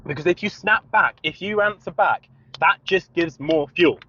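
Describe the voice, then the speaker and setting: A British man co-hosting a podcast, telling an animated story with laughter and acting out both sides of a phone call. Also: a little high, normal speed, husky. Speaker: podcast co-host. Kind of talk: casual storytelling chat. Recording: dull lo-fi sound.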